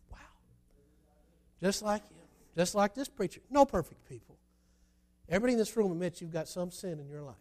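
A man preaching a sermon, telling a story with lively swings between loud emphasis and quiet, low asides. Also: fairly quick, long pauses.

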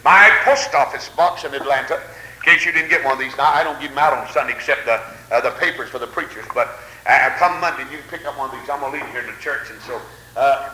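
Older preacher, bright and echoey. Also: male voice, on the high side. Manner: folksy storytelling, fervent amens. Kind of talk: revival sermon. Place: church.

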